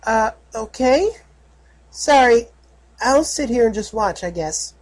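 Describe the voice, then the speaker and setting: A man voicing an excitable little filly in a fan audiobook, with a squealing, gushing manner. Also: very high-pitched, takes it slowly, pitched above the performer's own voice, full character voice. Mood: sheepish.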